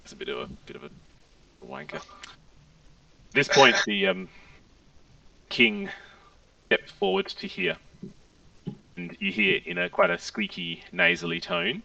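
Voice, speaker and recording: A man's voice: high-pitched, animated, unhurried, creaky, long pauses, sharp tone, no room sound, recorded from a distance, highs cut off. A man serving as game master, narrating a tabletop game in a loose, hesitant way full of fillers.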